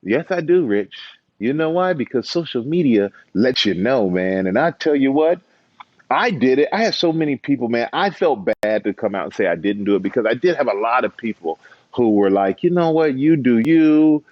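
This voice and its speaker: A man's voice: medium pitch, normal speed, dry recording. A man speaking as an interview guest, telling stories with lots of life in his voice and slipping into other people's voices as he quotes them. The sound is dry and a bit dull, with little room around it. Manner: animated storyteller, acts out quoted voices, laughs. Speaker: interview guest, former football player and TV host. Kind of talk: casual interview chat.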